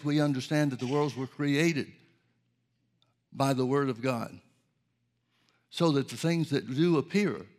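A man preaching a sermon in a measured, emphatic teaching manner, repeating key phrases for weight. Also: on the high side.

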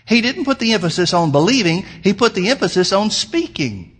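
A middle-aged male pastor delivering a sermon in a fairly high voice. He drives his points home with rising, emphatic stresses. When he tells a story he turns loose and rambling, with plenty of ums and uhs. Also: sing-song, a little fast, a bit bright, breathy edge.

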